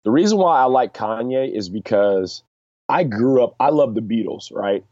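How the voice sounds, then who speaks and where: A man in casual chat who talks with animated emphasis and acts out quotes in excited bursts. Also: mid-range voice, moderate pace, no room sound. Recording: dry, slightly dull lo-fi sound.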